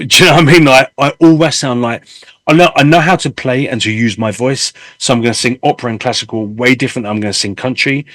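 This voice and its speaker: A man in his fifties, a singer hosting a casual interview, talking candidly and telling stories with animated swearing. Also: mid-range voice, fast, no echo. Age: 50s. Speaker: host and singer.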